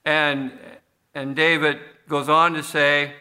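A man's voice: fairly high pitch, flat delivery, slow pace, sharp tone. A man preaching a sermon as pastor of a church, talking conversationally with frequent restarts and fillers.

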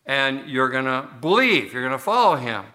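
A man's voice: mid-range voice, very animated, moderate pace, bright, forceful tone. A man preaching a sermon as pastor of a church, talking conversationally with frequent restarts and fillers.

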